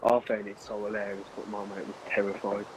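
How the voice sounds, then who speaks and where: This streamer, a young man, speaks fairly quickly in a lowish voice with little pitch movement, against background noise. Chatting casually with friends while gaming, he wanders through an anecdote, laughing and restarting often.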